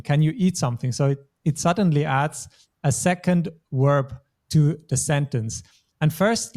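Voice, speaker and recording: A man's voice: on the high side, a little mellow. A man teaching a German lesson, explaining grammar patiently step by step. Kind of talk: language lesson.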